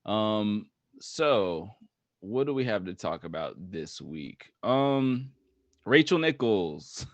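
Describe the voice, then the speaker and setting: Laid-back male podcast host, lowish voice, dry slightly muffled recording. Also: sing-song, slow, dry recording. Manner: loose, laid-back talk full of "like" and "right on". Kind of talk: casual sports podcast chat.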